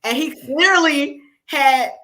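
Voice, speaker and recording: Bright, unfiltered woman telling stories. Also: high voice, slow pace. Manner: animated, laughing, unfiltered storyteller. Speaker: guest. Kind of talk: casual storytelling.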